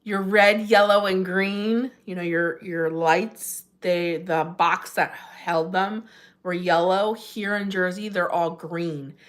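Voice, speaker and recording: This time she talks at a slow pace, her fairly low voice keeping a fairly even intonation. She's a livestream host chatting from home in New Jersey, reading comments, laughing often and greeting viewers with a sudden lift in her voice.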